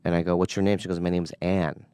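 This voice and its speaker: Man, very low voice, dry close sound, animated storyteller, casual podcast talk. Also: fast talker, smooth, no echo. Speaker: podcast guest.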